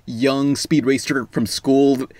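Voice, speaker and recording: A man's voice: mid-range voice, flat delivery, measured pace, a little mellow, dry recording. A young man in casual chat, explaining with hesitant restarts. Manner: hesitant, explanatory, laughs often.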